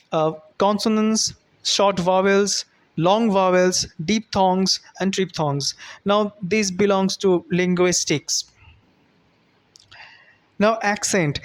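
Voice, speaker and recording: A man teaching a recorded lecture, halting, with frequent fillers and self-corrections, repeating key terms slowly for emphasis. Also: high voice.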